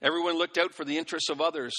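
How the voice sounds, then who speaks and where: A man's voice: a little high, fairly even intonation, racing, sharp tone, voice pushed up. A man voicing earnest pioneer settlers describing the town they left, heard with a long hall reverb.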